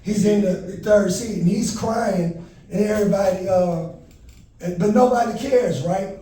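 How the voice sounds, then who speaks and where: A man doing a stand-up comedy set, telling a story with animated delivery and panicked shouted bits. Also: sits high, unhurried. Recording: echoey venue heard from a distance.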